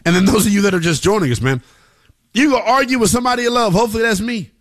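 Hyped sports show host, fairly high voice. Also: male voice, animated. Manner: hyped, hollering, jokey with quick drops to mutters; talks straight to viewers, reads scores and chat comments. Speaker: college football show host. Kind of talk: live sports talk show.

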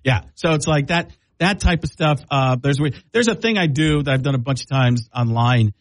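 A man's voice: mid-range voice, moderate pace, no echo. A man, a comedian and impressionist, chatting casually in an interview, rambling with restarts. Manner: rambling, with restarts, slipping into voices.

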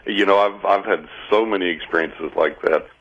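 A man's voice: deep voice, moderate pace, a bit bright. A man on a call-in radio show, explaining and reassuring in an earnest way. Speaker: radio show guest expert. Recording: dull radio sound.

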